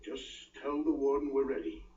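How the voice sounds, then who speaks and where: A man's voice: mid-range voice, little pitch movement, normal speed, mellow, close to an everyday voice. An actor playing an accused male war hero in a video game, speaking earnestly as he protests his innocence. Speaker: game character. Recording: echoey, distant, dull game audio with clear noise.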